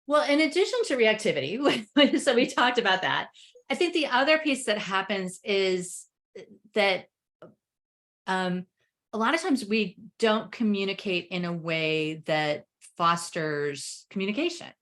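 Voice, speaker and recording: A woman talking as a parenting coach on a webinar, animated, laughing as she explains and acting out family dialogue. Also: mid-range voice, unhurried. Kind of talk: webinar conversation.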